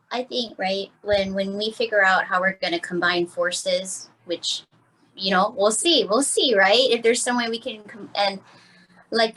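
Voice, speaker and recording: A woman's voice: medium pitch, fairly bright tone, rough recording. A woman pharmacist from Hawaii, a podcast guest, explaining her work with emphatic enthusiasm. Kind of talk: casual interview talk.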